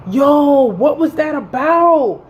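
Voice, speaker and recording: Brief: defensive, pleading boyfriend, as a woman quotes him, higher than her usual voice. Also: lively intonation, slow, lo-fi sound, slight background noise.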